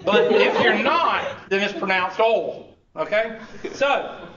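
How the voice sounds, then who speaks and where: A man's voice: high voice, expressive, slow pace, pushed and bright, distant mic. A man, a college instructor giving a classroom lecture in a teasing, sarcastic manner full of rhetorical questions. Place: large classroom. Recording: dull, echoey classroom recording from afar.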